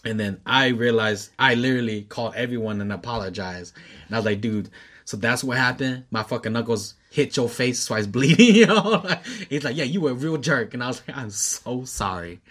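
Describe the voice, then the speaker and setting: Brief: man, 20s, casual storyteller, laughs a lot, animated and profane, mid pitch. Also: brisk. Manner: laughs often, animated when quoting, profane.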